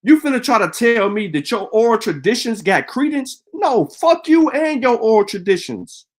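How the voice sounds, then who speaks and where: Man, live stream rant, profane, combative, high animated voice. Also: moderate pace.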